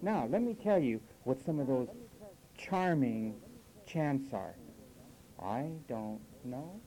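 Lively preaching man, emphatic. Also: medium pitch, takes it slowly, poor audio. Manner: emphatic, lively rises and drops, quoting listeners in mock voices. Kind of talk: sermon.

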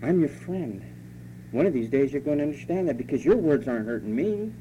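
A man's voice: medium pitch, animated, a little fast, dark tone. Man preaching in a scolding, conversational way. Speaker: pastor. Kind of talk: sermon. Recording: dull lo-fi recording with faint hum.

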